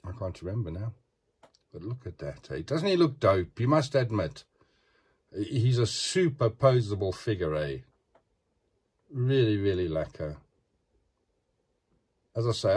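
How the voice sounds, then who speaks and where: A man's voice: lowish voice, expressive, moderate pace, pauses often, a little mellow, husky. A man chatting casually as he shows off an action figure, often asking the viewer "eh?". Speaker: action figure collector showing a figure. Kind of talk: casual show-and-tell vlog.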